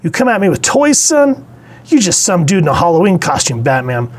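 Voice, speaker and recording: A man's voice: sits high, very animated, a little fast, pitched above the performer's own voice. A man voicing a corrupted young male superhero who taunts with cocky, mocking lines.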